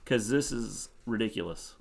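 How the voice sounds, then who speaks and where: A man's voice: on the low side, expressive, normal speed, vocal fry, a little mellow. A man co-hosting a casual live-stream recap, hedging his views and talking straight to viewers. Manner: chatty, hedging, talks to viewers. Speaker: co-host.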